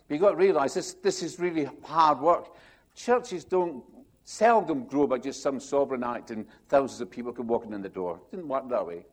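A man, a pastor, preaching a sermon in an animated, rambling way, acting out quotes and restarting his sentences. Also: medium pitch, normal speed.

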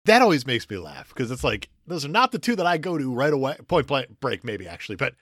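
A man co-hosting a casual movie review podcast, animated and quick to laugh. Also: mid-range voice, dry recording, clean studio sound. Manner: animated, laughs often, does quick impressions. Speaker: podcast co-host.

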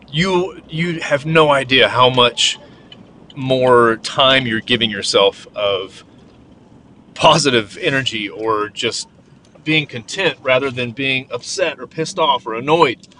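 Man, solo podcast host, driving, rambling and cursing, bright tone, faint road noise. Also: medium pitch. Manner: rambling, venting, swears freely. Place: in a car on the road. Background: faint vehicle noise.

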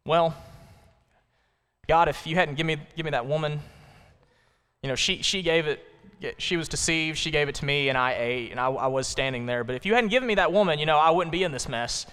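A man's voice: fairly high pitch, fairly quick, a bit bright, clean tone, natural voice. A man preaching who voices Adam as a whiny man stammering out excuses and blaming others. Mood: whiny, defensive. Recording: long church-hall reverb.

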